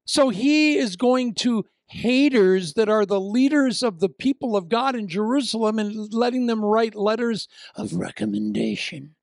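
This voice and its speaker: Animated gravelly older male preacher. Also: sits high, measured pace, few pauses, dry recording, studio quality. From Iowa. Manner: animated storytelling with acted-out voices. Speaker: pastor. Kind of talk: sermon.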